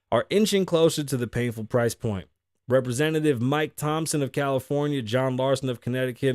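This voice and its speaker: A man's voice: medium pitch, darkish tone, no echo. Young male host, casual profane commentary over read-out news, dry and close. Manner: blunt, profane, riffs on stories with acted quotes. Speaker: podcast host. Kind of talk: casual commentary, reading news stories aloud.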